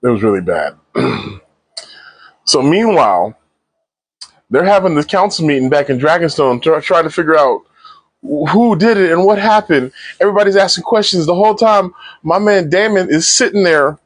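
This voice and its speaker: A man casually recapping and reviewing a TV episode in slangy, animated speech, acting out the characters' lines. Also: fairly high pitch, normal speed, no echo. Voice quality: animated slangy retelling with acted-out quotes. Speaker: TV show reviewer.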